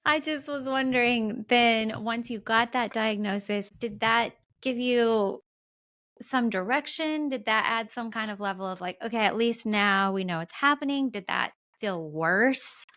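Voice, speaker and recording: A woman hosting a podcast, asking open questions in a gentle, affirming manner. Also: fairly high pitch, unhurried. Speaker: podcast host. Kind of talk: interviewing.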